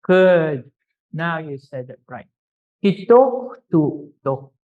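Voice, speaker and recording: A language teacher runs a classroom pronunciation drill, speaking at a very slow, deliberate pace. They repeat each word several times and gently correct students, with good-humoured teasing. The recording is dull and lo-fi. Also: mid-range voice. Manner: drills words by repetition, patiently corrects pronunciation.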